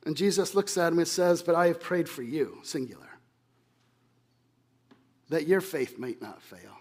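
Male pastor, slightly high voice, preaches with big swings between loud emphasis and quiet. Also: measured pace, slightly rough. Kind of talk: sermon.

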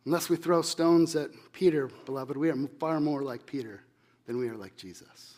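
A man preaching a sermon, dropping from loud emphasis to hushed tones. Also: a little high, moderate pace. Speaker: pastor.

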